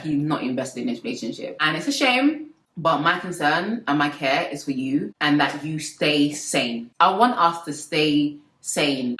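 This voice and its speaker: A young woman giving relationship advice to her viewers in a lively, preachy way with playful asides. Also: deep voice, echoey room, rough recording. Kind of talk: casual advice talk to camera.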